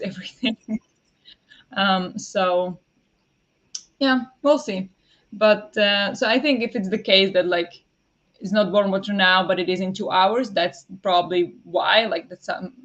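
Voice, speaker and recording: Chatty woman streamer. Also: medium pitch. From Slovakia. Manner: chatty, rambling, many fillers. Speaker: streamer hosting reading sprints. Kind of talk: casual chat to live viewers. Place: home. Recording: dull lo-fi sound.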